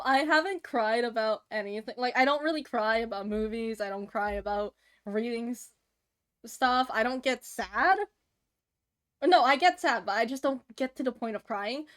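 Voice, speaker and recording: A woman in her thirties chatting casually to her stream while drawing, giggling and gushing over cute things. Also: on the high side. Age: 30s. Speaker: livestreamer.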